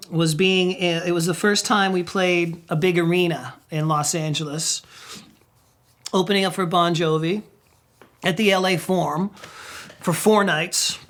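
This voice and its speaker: A middle-aged man, a rock singer, telling road stories in a casual interview, laughing often and swearing freely. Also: sits high. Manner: acts out quotes with sudden loud outbursts.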